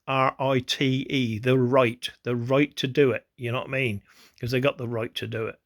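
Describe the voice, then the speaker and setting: A man with a gravelly edge talks through video clips, pointing things out as they play. He circles back on the same phrases again and again, pressing the listener to look. His pitch sits in the ordinary middle range for a man. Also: flat delivery, moderate pace. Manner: repetitive, keeps saying "look" and "you know what I mean". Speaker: conspiracy video host. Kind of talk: rambling commentary over video clips.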